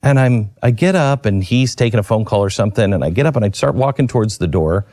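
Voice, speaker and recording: A man hosting a radio talk show, telling a personal story in an earnest, reflective way with halting restarts, into a studio microphone. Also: on the low side, lively intonation, darkish tone, no room sound.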